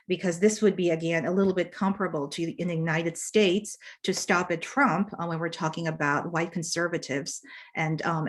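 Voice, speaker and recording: Woman on a video call panel, fairly low voice, careful academic talk, lots of uh and um. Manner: measured, many fillers and restarts. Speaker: panelist presenting research.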